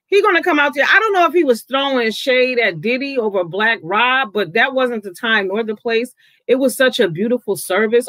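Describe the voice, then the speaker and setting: Casual vlogger ranting, cusses freely, voice jumps high when annoyed, dry recording. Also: a bit bright, dry recording. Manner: outspoken, swears freely, voice jumps up when riled. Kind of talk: casual commentary vlog.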